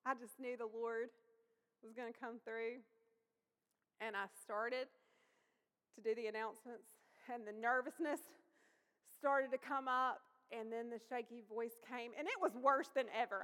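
High-voiced woman preaching in a hall. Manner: conversational, lively storytelling. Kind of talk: sermon with personal story. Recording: long reverb of a large hall.

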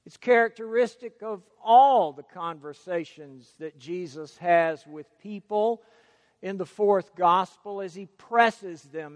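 Slow, high-voiced preacher in a hall. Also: male voice. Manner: emphatic, repeats key words for stress. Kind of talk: sermon.

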